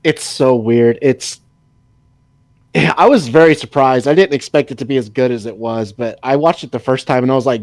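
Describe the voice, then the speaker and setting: A man's voice: moderate pace, no echo. A young man chatting casually as a podcast co-host, laughing a lot and acting out quotes. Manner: laughs often, acts out movie quotes in high voices. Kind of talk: casual chat.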